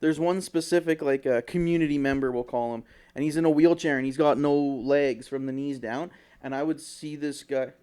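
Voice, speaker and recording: A man co-hosts a podcast, spinning an animated story with plenty of swearing. His voice sits a little high, and he acts out every quote along the way. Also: fairly quick, few pauses, smooth. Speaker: podcast co-host. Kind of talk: casual chat.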